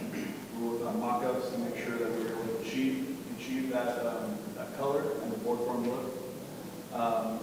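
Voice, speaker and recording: A man presenting construction work at a conference, matter-of-fact, with some fillers. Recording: distant, echoey, noisy, rumbling hall.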